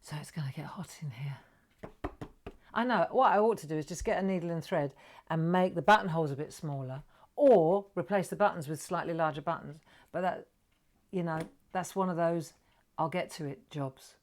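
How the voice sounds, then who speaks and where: Middle-aged woman, craft livestream host, chatty, lower voice, bright greetings, drops to whispers. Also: fairly quick. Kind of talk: chatty live craft stream.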